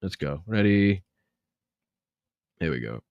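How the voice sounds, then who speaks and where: A man's voice: deep voice, expressive, slow, creaky, dry recording, dull audio. A man hosting a casual political livestream, rambling and narrating what he is doing on screen. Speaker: show host.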